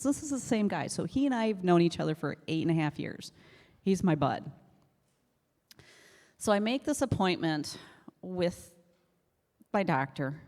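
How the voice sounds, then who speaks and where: A woman with a fairly low voice tells her testimony with animated energy. She acts out the people in her story and laughs often. Her voice rings with long reverb from a church hall. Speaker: church member giving testimony. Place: church sanctuary.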